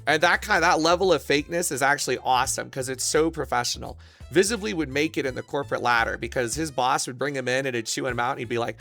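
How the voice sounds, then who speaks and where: A man with a gravelly, bright voice pitched a little high, talking to his stream in a crude, rambling way. He breaks into excitable bursts. Faint music plays underneath. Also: quick pace. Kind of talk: casual stream chat.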